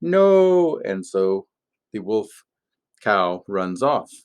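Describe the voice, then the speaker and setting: A man, a pastor, giving a gentle, playful family sermon in an object-lesson style, with many pauses as he tells a story. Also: lowish voice, expressive, dull audio.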